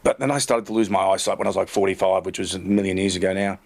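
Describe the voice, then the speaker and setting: A middle-aged man with a fairly low voice rattles off rambling, self-mocking golf-tour anecdotes at a quick clip. He talks casually as a podcast co-host, full of likes and you-knows. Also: steady tone, gravelly. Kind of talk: casual storytelling chat.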